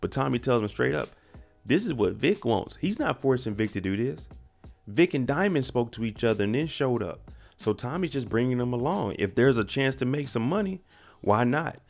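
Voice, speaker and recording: A man's voice: medium pitch, gravelly. A man recapping a TV episode in a slangy, conversational way, talking straight to his viewers.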